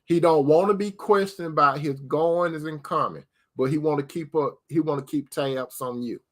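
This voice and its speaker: A man's voice: on the high side, normal speed. A man giving preacher-style relationship advice, asking rhetorical questions and calling listeners sister. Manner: addresses listeners as sister, repeats key phrases.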